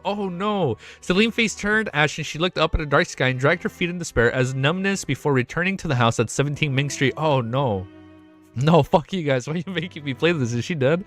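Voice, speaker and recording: A man streaming live, reading a novel aloud and breaking off into excited, swearing reactions. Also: a little high, moderate pace, faint music behind. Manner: excitable, swears often, sudden loud outbursts.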